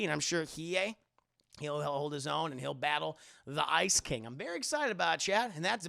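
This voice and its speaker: A man's voice: high-pitched, creaky, sharp tone. A young man streaming live, giving a rambling, profane, jokey recap of an anime episode and talking to his chat.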